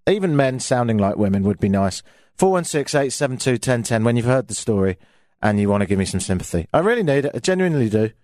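A man's voice: medium pitch, sing-song, fast, a little mellow, no echo. A man with a British accent hosting a talk radio show, chatting in a casual, self-mocking, grumbling way into a studio microphone.

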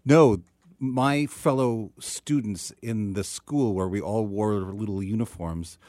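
An American man, a fellow radio host, chatting in the studio in a halting, apologetic way. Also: on the low side, dark tone, dry recording. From United States. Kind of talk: casual studio chat.

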